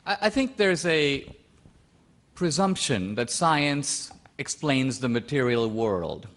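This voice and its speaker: A man's voice: mid-range voice, expressive, slow pace, fairly bright tone. A man from India arguing a point in a formal stage debate, insistent and full of pointed questions. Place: debate stage before a live audience.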